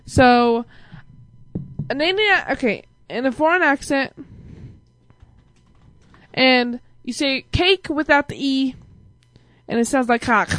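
A woman's voice: high voice, a bit bright, no echo, rough recording. A woman in casual chat, joking and rambling playfully between half-finished thoughts.

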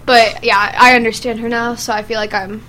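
A woman's voice: on the high side, moderate pace. A young woman chatting casually with friends, telling a story and laughing often. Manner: giggly, animated storyteller.

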